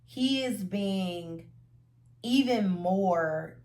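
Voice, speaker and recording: A woman's voice: mid-range voice, drawn-out words. Casual woman storyteller, roomy sound. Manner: animated, acts out quotes, slangy. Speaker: vlogger telling a story. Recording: roomy echo.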